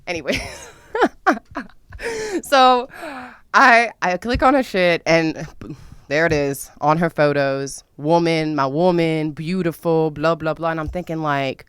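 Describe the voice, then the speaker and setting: A young woman on a podcast, telling her own story with lots of swearing and drama and jumping into loud squeals at times. Her voice is smooth and lower-pitched, recorded close and dry with no room sound. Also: animated, normal speed, no echo. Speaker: podcast host. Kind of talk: casual storytelling monologue.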